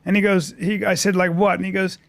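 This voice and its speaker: A man telling a chatty story on a podcast clip, with a gravelly voice. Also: high-pitched, level tone, brisk, a bit bright. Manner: anecdotal, chatty.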